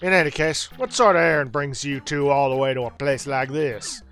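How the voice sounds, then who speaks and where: A man's voice: mid-range voice, normal speed, fairly bright tone, faint music behind, natural voice. A man voicing an absent-minded old male professor, in a slightly southern old man voice. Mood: lecturing.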